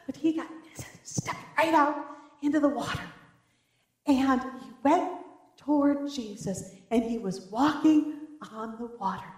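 A woman pastor preaching a sermon, telling the story in a lively, animated way. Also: high voice, moderate pace. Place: church. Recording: roomy church echo.

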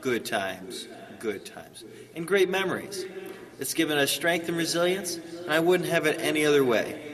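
A cheery, folksy male winter-advice host, played by a man in a church skit. He talks in a chatty, upbeat pep-talk manner, his voice sitting a touch high. He sounds distant, with a long hall echo and a murmuring audience. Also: animated, normal speed, a crowd in the background, lightly acted.

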